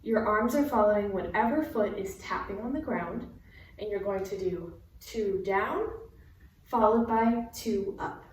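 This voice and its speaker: A woman's voice: mid-range voice, a little slow, recorded from a distance. A young woman teaching dance in a roomy, echoing space, standing off from the microphone. She takes her time explaining each step, then counts and scats the beats aloud over faint room noise. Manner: breaks into counts and sung beats while explaining moves. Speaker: dance instructor. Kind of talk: counting and scatting through dance steps.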